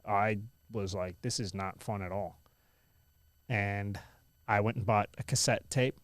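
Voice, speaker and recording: A young man from India who now speaks with an American accent, telling stories as a guest in a casual interview, animated and full of "like". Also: on the low side, unhurried, no room sound. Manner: animated, lots of "like" and "I was like" quotes.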